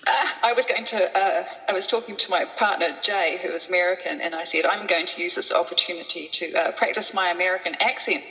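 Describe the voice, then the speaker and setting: A woman's voice: on the low side, fast, hardly any pauses, pushed and bright, long reverb tail, rough recording. Playful New Zealand woman. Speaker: author and guest. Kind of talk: casual chat.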